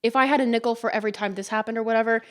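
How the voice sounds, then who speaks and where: Midwestern woman in her twenties, podcast host, high and bubbly, giggly, swears casually. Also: steady tone, very fast. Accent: Midwestern American. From Iowa, US Midwest. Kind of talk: casual chat.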